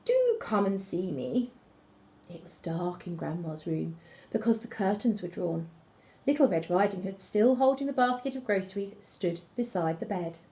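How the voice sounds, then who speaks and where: A woman teacher reading a fairy tale aloud to children, with expressive storytelling. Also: mid-range voice, normal speed. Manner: expressive storytelling, gasps and whispers.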